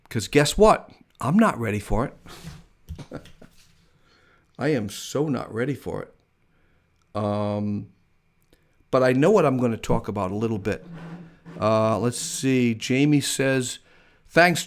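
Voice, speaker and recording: A man's voice: medium pitch, animated, measured pace, long pauses. An American man hosting a casual live-stream chat, talking in a chatty, enthusiastic way and laughing often. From United States. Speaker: host.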